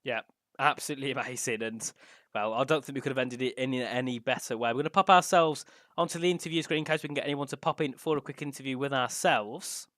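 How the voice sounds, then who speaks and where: A man's voice: medium pitch, fast, fairly bright tone, no room sound, clean studio sound. A young man co-commentating an online racing league, enthusiastic and talking with a sore throat. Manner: enthusiastic, talks the results through steadily.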